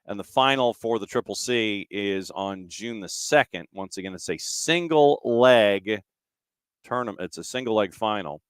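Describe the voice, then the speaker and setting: A man hosting a podcast who chats casually, reads out listener comments, and rattles off dates and lists at a brisk clip. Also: fairly low pitch, animated, clear, resonant tone, dry recording, clean studio sound. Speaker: podcast host. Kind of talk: casual chat and news rundown.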